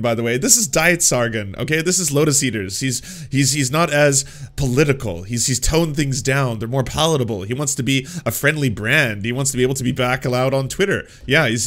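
A man's voice: mid-range voice, a bit bright. A man hosting a casual commentary, stammering and sarcastic as he reacts in exasperation. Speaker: host.

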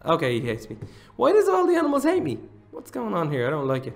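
A man hosting a role-play game commentary, excitable and chatty, talking to his viewers and swinging from hushed asides to loud exclamations. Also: fairly high pitch, normal speed, vocal fry, pauses often, soft background music. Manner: excitable, talks to viewers, jumps between hush and loud exclamations. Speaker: gaming channel host.

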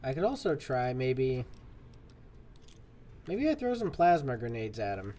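A man's voice: mid-range voice, huge pitch swings, a little slow, mellow, a little hiss or hum. A man giving live commentary on a game he is playing, jokey and exasperated as he talks to the game. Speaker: streamer.

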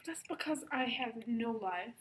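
A young woman playing an excitable female musketeer in an improvised online game role-play, shrieking one moment and whispering the next. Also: a little high, unhurried. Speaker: player voicing a musketeer in an online animal game.

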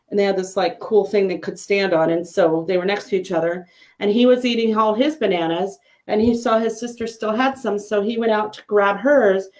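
Chatty woman telling a story. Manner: chatty storyteller, animated with pitch jumps on quoted lines. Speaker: psychic medium and healer. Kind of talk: casual chat.

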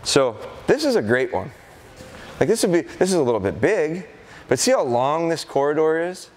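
A middle-aged man from Wisconsin giving a live dog-training seminar to an audience, telling stories and acting out excited calls to a puppy. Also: a little high, moderate pace. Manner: animated storytelling, acts out excited calls to dogs. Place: large indoor hall with a corridor.

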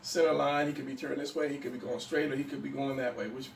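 A man's voice: medium pitch, quick pace, creaky. Guy doing a laid-back drawing tutorial, lots of ums, sounds kinda far from the mic in an echoey room. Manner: relaxed, thinks aloud while drawing, frequent fillers. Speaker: drawing instructor. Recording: echoey room, mic at a distance, faint background noise.

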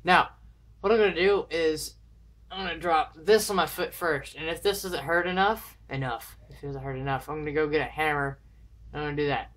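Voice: medium pitch, a little fast, a bit bright. Chatty vlogger rambling through viewer dares. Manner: chatty and rambling, with nervous countdowns. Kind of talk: casual vlog chat to camera. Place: indoors at home.

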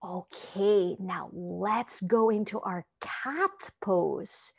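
A woman's voice: mid-range voice, very slow, gravelly, breathy edge. A woman from the Philippines leading a children's yoga class, giving encouraging, sing-song instructions and asking questions. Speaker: kids' yoga teacher.

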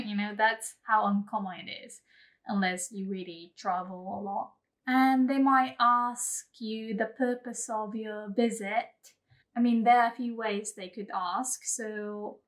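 Woman language tutor, relaxed and chatty, unhurried, slightly high voice, repeats example phrases carefully. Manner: chatty, laughs, many fillers like "um" and "you know"; says example phrases slowly and clearly, then repeats them. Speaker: language teacher. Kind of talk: casual spoken lesson.

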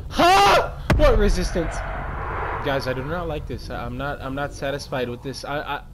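A man's voice: medium pitch, moderate pace, heavy background noise. A young man playing a scary zombie game, chatting nervously and breaking into shrieks and screams when startled. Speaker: gaming streamer. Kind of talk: frightened gameplay commentary. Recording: loud game sounds behind.

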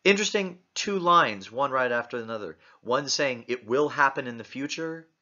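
A man's voice: medium pitch, expressive, moderate pace, pushed and bright. A man lecturing on literature, reading passages aloud and posing many questions to his listeners. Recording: muffled lo-fi recording.

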